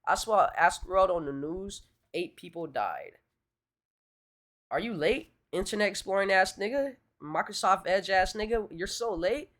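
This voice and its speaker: Excitable slangy male reaction streamer. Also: high-pitched, moderate pace. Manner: excitable, repeats phrases, heavy slang. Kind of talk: casual reaction commentary. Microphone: streaming mic.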